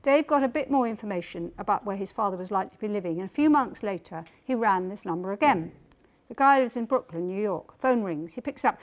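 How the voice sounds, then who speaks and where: A woman's voice: mid-range voice, lively intonation. Woman historian giving a lecture. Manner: measured storytelling, reads quoted testimony aloud. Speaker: historian giving a book talk. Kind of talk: public lecture.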